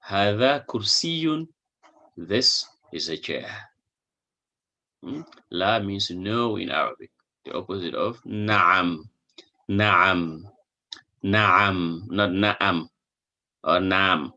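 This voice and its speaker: An Arabic teacher with a low, expressive voice speaks slowly and pauses often, his tone pushed and bright, in a muffled recording. He patiently explains a recorded language lesson, repeating each example and checking understanding with a questioning "hmm?".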